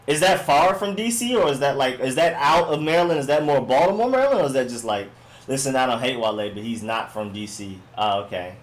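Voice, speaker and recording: A man hosts a casual sports live stream, reading and answering viewer comments in a slangy, laid-back ramble and often saying "you know what I'm saying". His voice is medium-pitched, expressive and fairly quick.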